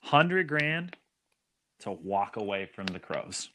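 A man doing a gravelly shady briber. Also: lowish voice, very animated, slow, fairly bright tone, slight background noise, full character voice. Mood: conspiratorial.

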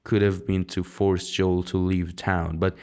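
Amateur audiobook reader, man; unhurried, halting, restarts words often. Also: deep voice, level tone, darkish tone. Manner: halting, frequent slips and restarts.

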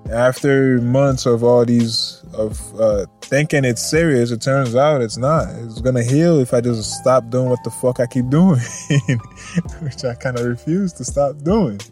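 A man's voice: medium pitch, a little slow, darkish tone, faint music behind. Laid-back swearing male podcast host. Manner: laid-back and swearing, laughs often, rambles off topic. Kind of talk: casual news chat.

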